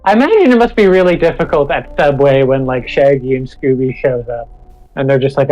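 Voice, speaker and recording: A man with a middle-pitched voice chats over a remote call, cracking playful jokes between points. Faint music runs underneath. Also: expressive, fairly quick, a little mellow, lo-fi sound. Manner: playful, joking asides, frequent "like" and restarts. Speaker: co-host joining remotely. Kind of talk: casual livestream chat.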